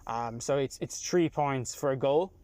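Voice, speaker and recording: A young Irish man in his twenties, a taxi passenger explaining things in relaxed casual chat, with many fillers and restarts. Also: medium pitch, measured pace. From Ireland. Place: inside a taxi.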